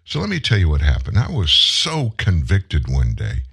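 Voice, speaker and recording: A man in his seventies hosting a show, telling a personal story in an earnest, heartfelt way and pausing for emphasis. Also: very deep voice, wildly swooping pitch, fairly bright tone, slightly rough. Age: 70s. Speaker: show host. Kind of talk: personal monologue on a live commentary show.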